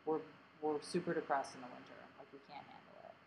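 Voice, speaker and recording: A woman's voice: sits low, steady tone, fast, gravelly, a little mellow, slight background noise, poor audio. A woman from Delaware County co-hosting a casual podcast, rambling with lots of fillers and a grating, self-mocking tone. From Delaware County, Pennsylvania. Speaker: podcast co-host.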